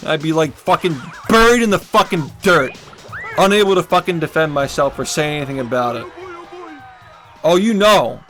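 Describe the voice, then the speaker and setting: A man's voice: fairly high pitch, expressive, normal speed, a bit bright, faint music behind. A man streaming from home, ranting angrily and swearing a lot at the people who harass him. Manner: angry, profane ranting. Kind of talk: livestream rant.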